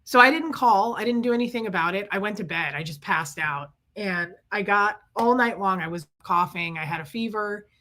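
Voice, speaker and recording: A middle-aged woman telling a story to her viewers. She is sick with chest congestion and rants in animated bursts, stopping to greet viewers by name. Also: medium pitch, normal speed, few pauses. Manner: ranting, animated storytelling, reading out viewer names. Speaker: livestream host. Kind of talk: casual chat to viewers.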